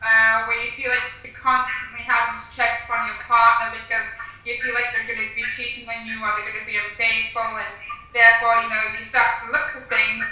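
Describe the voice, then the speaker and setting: A woman speaking as a guest over a video call, calm and reflective. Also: a little high, brisk, muffled recording. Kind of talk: explaining her experience. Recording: echoey distant video call audio.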